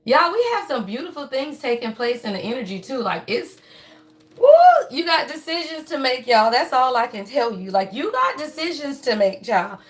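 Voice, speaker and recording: A woman's voice: high-pitched, big pitch swings, moderate pace, a bit bright. A woman hosting a casual livestream astrology reading, chatty and folksy, who keeps calling her viewers y'all. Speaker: astrology and tarot reading host.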